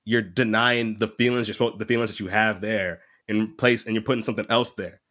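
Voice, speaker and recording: A man's voice: fairly low pitch, steady tone, a little fast, a bit bright. A man talking openly and casually, rambling a little, swearing and laughing often. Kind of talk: casual podcast chat.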